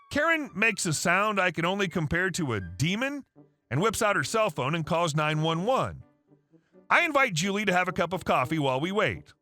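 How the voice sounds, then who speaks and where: A man narrating reddit stories aloud in an animated storytelling manner. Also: high-pitched. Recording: faint background music.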